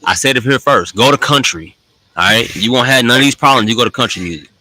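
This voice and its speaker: A man in casual conversation, opinionated and animated, pushing his points with sharp emphatic rises. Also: medium pitch, fast, no room sound, poor audio. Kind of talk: casual chat.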